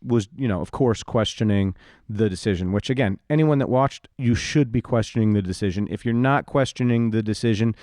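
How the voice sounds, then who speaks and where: A man's voice: fairly low pitch, brisk, hardly any pauses, a little mellow, no room sound. Opinionated male podcast co-host, dry sound. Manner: argumentative, opinionated. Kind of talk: casual chat.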